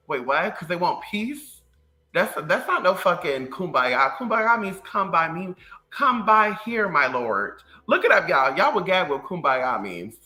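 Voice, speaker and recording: A livestream host ranting casually to viewers in a sassy, profane, animated way. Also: medium pitch, low-quality recording. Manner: animated storytelling.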